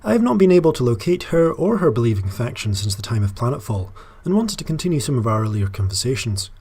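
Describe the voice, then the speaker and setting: A man's voice: medium pitch, very animated, mellow, husky. A man putting on a stern, formal Scottish woman leader. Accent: put-on Scottish. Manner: formal, measured diplomatic speech. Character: woman leader, earnest, measured, formal, proud. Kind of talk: game dialogue read aloud.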